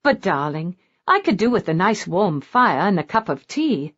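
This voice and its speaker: A woman's voice: lowish voice, sing-song, moderate pace, fairly bright tone. A woman voicing a sweetly cheerful, teasing young bride who speaks breathlessly, on a dull lo-fi recording.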